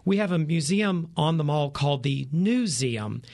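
A man's voice: on the high side, lively intonation, moderate pace, a little mellow. A man in his forties, a travel reporter giving tips in a radio interview, eager and full of ums and uhs. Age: 40s. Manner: enthusiastic, many fillers.

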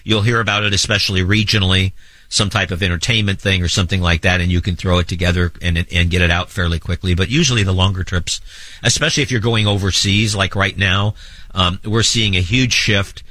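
Male travel co-host, crisp forceful tone, informative with dry humor. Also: low-pitched, fairly even intonation, a little fast, dry recording. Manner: dry teasing, plain informative explaining. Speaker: radio show co-host, travel tour organizer. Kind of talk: casual chat.

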